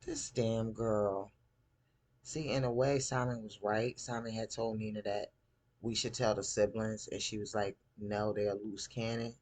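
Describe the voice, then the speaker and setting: Husky male recap host, animated, jumps up to play characters. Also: a little slow. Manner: animated, acts out characters' lines in raised pitch. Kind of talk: casual TV episode recap.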